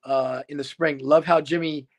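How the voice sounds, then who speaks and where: A man hosting a livestream, reading viewer comments aloud in a dry, offhand way. His voice sits a little high for a man. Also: fairly even intonation, normal speed. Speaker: host.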